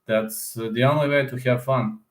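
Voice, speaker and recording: A man's voice: mid-range voice, steady tone, normal speed. Rambling man chatting in echoey room. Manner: rambling, informal, addresses listeners as "man". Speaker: YouTube channel host. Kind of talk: casual chat with viewers.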